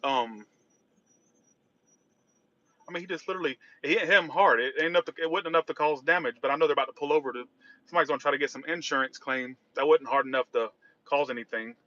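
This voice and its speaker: A man's voice: fairly high pitch, fast, pushed and bright, no echo, muffled recording. A man chatting casually on a livestream while driving, rambling and reacting to chat. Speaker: tarot reader livestreaming. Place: in a car driving.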